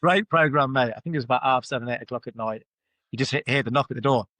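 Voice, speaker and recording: A man's voice: mid-range voice, fast, sharp tone, no echo. A man telling his life story as a podcast guest, blunt and swearing freely, with loose run-on phrasing. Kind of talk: candid personal storytelling in conversation. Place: podcast studio.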